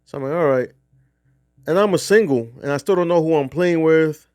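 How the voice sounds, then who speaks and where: A man's voice: a little high, fast talker, a little mellow, smooth, dry recording, studio quality. A middle-aged man from New Jersey casually telling a rambling, profane golf trip story. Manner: rambling, profane, restarts often. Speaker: golf vlogger.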